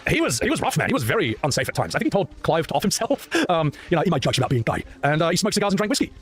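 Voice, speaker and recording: Fast-talking opinionated male streamer. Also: fairly high pitch, sing-song, breathy edge, faint music behind. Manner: opinionated, joking, prone to rants. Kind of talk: casual gaming chat.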